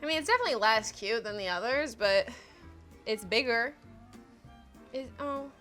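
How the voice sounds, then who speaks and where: A woman's voice: on the high side, expressive, moderate pace, fairly bright tone, soft background music. A woman hosting a cooking show, chatting playfully through a casual baking demonstration and filling her speech with fillers.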